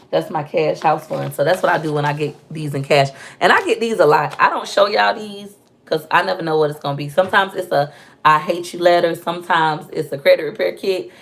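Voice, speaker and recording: A young woman chatting casually to viewers as she opens fan mail at home, filmed on a propped-up phone. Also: low voice. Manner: chatty, playful, talks to viewers while unboxing. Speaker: vlogger opening fan mail. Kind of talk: casual chat. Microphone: phone propped on a stand.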